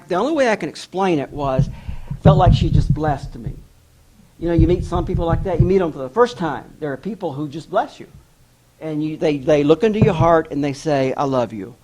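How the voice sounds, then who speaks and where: Animated man telling a story. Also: on the high side. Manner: animated storyteller who acts out quoted voices. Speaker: author giving a talk. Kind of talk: storytelling address.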